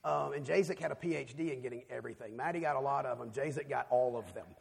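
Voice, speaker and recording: A man preaching a sermon, telling a personal story and swinging between hushed, quiet passages and loud, emphatic ones. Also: medium pitch, quick pace, vocal fry, slightly rough. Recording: long reverb of a large hall.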